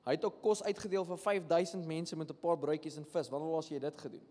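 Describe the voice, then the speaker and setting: A man's voice: a little high, fast. A man with a South African accent preaching a sermon, telling stories and acting out what people say. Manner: switches between English and Afrikaans, animated storytelling with acted-out quotes. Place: church hall. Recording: long hall reverb.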